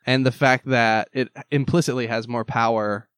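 A man hosting an interview podcast, asking curious, steady questions. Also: medium pitch, normal speed, clean tone, no echo, studio quality. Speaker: podcast host.

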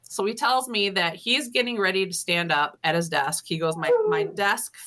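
Telling ghost stories as an interviewed author, this woman speaks at a moderate pace in a mid-range voice. She performs other people's quoted lines, laughs a lot and keeps the storytelling lively and casual.

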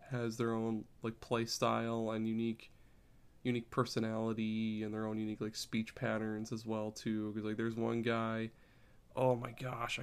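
A man's voice: medium pitch, creaky, clean tone. A man chatting casually on a podcast, rambling and repeating words as he explains. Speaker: podcast co-host.

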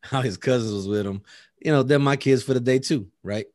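Animated man telling a story, dry close mic. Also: medium pitch, fairly quick, dry recording. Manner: animated, acts out dialogue, laughs often, heavy profanity. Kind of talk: casual chat.

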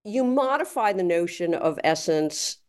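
A woman's voice: on the low side, animated, measured pace, darkish tone. A woman hosting an interview, asking long, rambling questions full of fillers. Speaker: podcast host.

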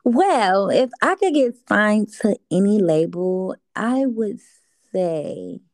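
A woman's voice: mid-range voice, lively intonation, slow pace, darkish tone, no room sound. A young woman being interviewed as an artist, chatting in a casual, easygoing way and laughing now and then. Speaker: guest artist.

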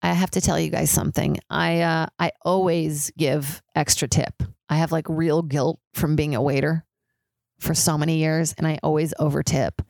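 A woman's voice: steady tone, normal speed, gravelly, darkish tone, no room sound. A young woman hosting a casual solo podcast, chatty and swearing, peppered with "like". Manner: mimics others in high squealing voices. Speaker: podcast host.

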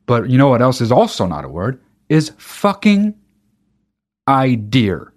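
A man's voice: mid-range voice, wildly swooping pitch, moderate pace, darkish tone. A man hosting a podcast, talking alone in a casual monologue, ranting with emphatic profanity and frequent restarts. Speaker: podcast host.

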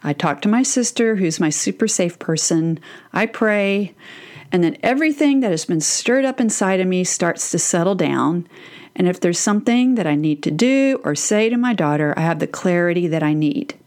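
A woman's voice: fairly low pitch, animated, normal speed, darkish tone. A woman in her fifties talking earnestly to other parents, explaining her advice through metaphors.

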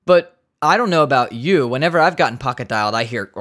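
Quick and lively, this man's mid-range voice has a fairly bright tone as he hosts a casual solo podcast. He rambles, jokes, swears, and laughs at his own tangents.

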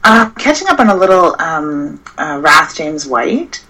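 A woman's voice: deep voice, sing-song, measured pace, pushed and bright, rough recording. A woman, a horror writer, chatting casually and somewhat hesitantly about her writing. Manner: rambling, hesitant. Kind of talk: casual chat. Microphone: remote call mic with feedback.

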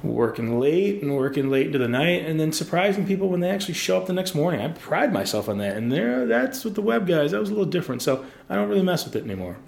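Gravelly, rambling man in an echoey room. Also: on the high side, very animated, quick pace, hardly any pauses, a little mellow. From Pacific Northwest. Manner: rambling, self-interrupting, jokey. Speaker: guest designer. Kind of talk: live podcast interview, casual talk. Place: live event in a university building.

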